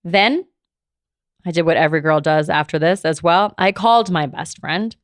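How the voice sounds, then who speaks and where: Low-voiced woman in her thirties, confessional. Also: normal speed, dry recording, studio quality. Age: 30s. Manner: confessional, heavy use of "like". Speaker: podcast host. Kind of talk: personal storytelling.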